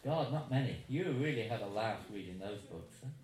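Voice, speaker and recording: His voice sits on the low side, a little mellow, with lively intonation and a slightly fast pace. In his seventies, he chats and chuckles through digressive stories for a live audience, recorded with roomy hall echo and faint noise.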